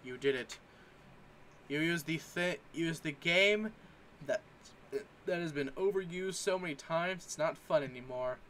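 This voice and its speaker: A man's voice: on the high side, a little slow, a bit bright, a little hiss or hum. A man in casual commentary, reading memes aloud and joking, sometimes putting on mock voices. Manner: jokey, reads captions aloud with mock voices.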